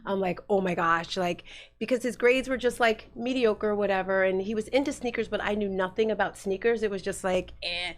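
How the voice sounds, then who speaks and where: A woman's voice: medium pitch, brisk. Middle-aged woman guest, candid rambling storyteller. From New Jersey. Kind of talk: casual storytelling.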